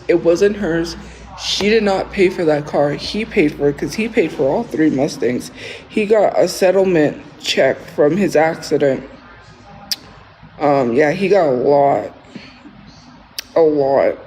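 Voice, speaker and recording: A man's voice: high voice, darkish tone, slight background noise, poor audio. A man talking casually on a livestream, rambling and defensive, often restarting his sentences.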